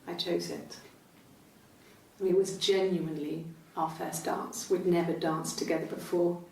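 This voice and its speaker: An actress with a British accent playing a composed young wife who speaks softly and reflectively in a police interview. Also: female voice, on the low side, flat delivery, lightly acted. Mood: calm. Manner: soft-spoken, measured, reflective. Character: composed young wife recalling her wedding. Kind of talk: naturalistic screen acting. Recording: roomy interview room from a distance, faint hiss.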